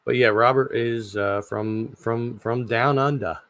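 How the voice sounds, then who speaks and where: A man in his forties hosting a casual livestream chat, rambling and halting with lots of fillers and repeated words. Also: mid-range voice, flat delivery, a bit bright, no echo. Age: 40s. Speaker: channel host.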